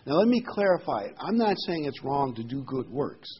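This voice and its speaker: A man's voice: medium pitch, big pitch swings, fairly quick, husky. Man giving a casual, rambling sermon. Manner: conversational, with fillers and asides. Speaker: preacher. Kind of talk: informal sermon. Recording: slightly dull recording with faint hiss.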